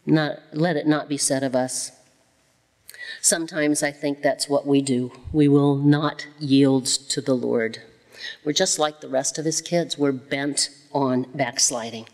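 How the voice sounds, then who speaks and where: A woman teaching a Bible study in a conversational way, repeating phrases for emphasis and slowing down to stress key lines. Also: very deep voice, fairly even intonation, darkish tone. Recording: long reverb, as in a hall.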